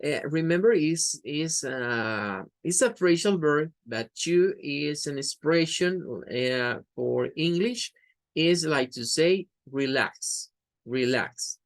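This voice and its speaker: Teaching English with a Spanish accent, this native Spanish-speaking woman drills pronunciation by saying phrases slowly and repeating them. She has a low voice, with no audible room sound.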